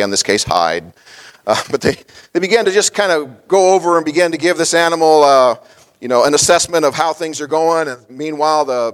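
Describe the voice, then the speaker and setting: A middle-aged man, a pastor, preaching a sermon in a folksy storytelling way, with many fillers and small chuckles. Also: mid-range voice.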